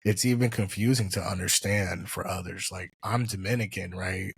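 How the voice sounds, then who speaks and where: A man's voice: deep voice, steady tone, normal speed, gravelly, a bit bright, husky, dry recording. A man from the US East Coast hosting a casual interview, talking in an easygoing, rambling way with frequent fillers. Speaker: podcast host.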